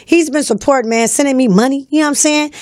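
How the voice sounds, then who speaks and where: A woman's voice: high voice, fast talker, a little mellow, dry recording. A woman hosting a live call-in show, talking in a bossy, teasing, slangy way into a studio mic. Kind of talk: casual live-stream talk. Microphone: studio microphone.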